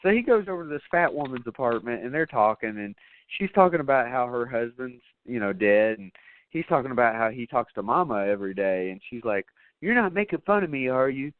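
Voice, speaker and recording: A man's voice: mid-range voice, animated, a little fast, dry recording, narrow, tinny audio. A man hosting a podcast, recapping a movie in loose, rambling casual chat full of fillers and swearing. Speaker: podcast host.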